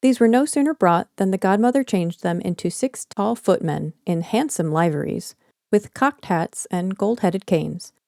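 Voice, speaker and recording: A woman reading a fairy tale aloud in a calm, gentle audiobook narration. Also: medium pitch, normal speed, gravelly, no room sound, studio quality.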